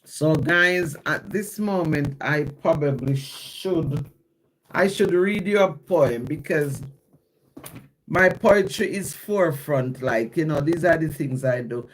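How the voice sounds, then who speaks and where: A man's voice: a little high, takes it slowly, a little hiss or hum. A man from Jamaica with a Jamaican accent, chatting casually on a phone live stream and reading his poetry, explaining and repeating lines as he goes.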